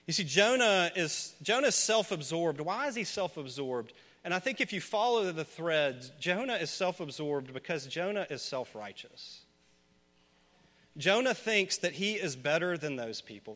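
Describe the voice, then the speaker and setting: A man preaching a sermon as pastor of his church, earnest and rising to loud, pleading questions. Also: fairly high pitch, long reverb tail.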